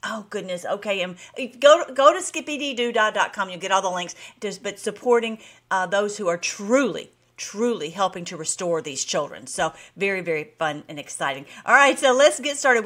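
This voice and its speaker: A woman's voice: mid-range voice, sharp tone. A woman hosting her own video blog, chatting casually and bubbly with her viewers and laughing often. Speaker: vlog host.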